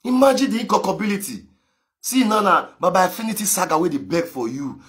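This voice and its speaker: A man with a Nigerian Pidgin accent ranting on a live video, mocking, laughing and breaking into shouts. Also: sits high, expressive, quick pace. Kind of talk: animated rant in pidgin.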